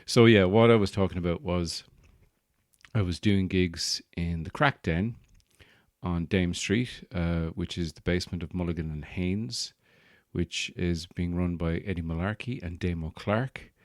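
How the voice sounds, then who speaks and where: With a low voice and measured pace, an Irish comedian hosting his podcast delivers a casual, rambling comedic monologue. He drops into mock accents, and the studio-quality recording is dry.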